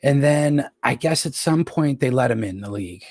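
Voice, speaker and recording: A man's voice: mid-range voice, animated, moderate pace, darkish tone. A man from Rochester, New York, a podcast guest, telling long profane stories and acting out what others said. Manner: profane, anecdotal, acts out quoted voices. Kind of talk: casual storytelling.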